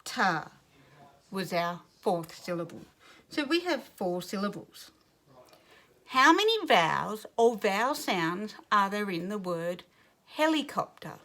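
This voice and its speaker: Slow, patient woman teaching young children. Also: medium pitch, very animated, fairly bright tone. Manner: slow, clear, patient, counting down and sounding out words. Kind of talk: recorded classroom lesson for young children.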